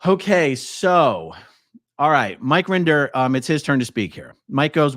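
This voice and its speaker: A man's voice: on the high side, animated, unhurried, fairly bright tone, no room sound, clean studio sound. A man hosting a casual live stream, reading a transcript aloud and adding chatty, wry asides to his viewers. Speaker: YouTube host. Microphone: own studio mic checked before streaming.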